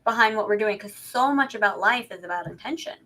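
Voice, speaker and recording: In a casual podcast chat, the female co-host speaks fast in a sharp, mid-range voice. She's talkative, jokes at her own expense, and keeps posing rhetorical questions.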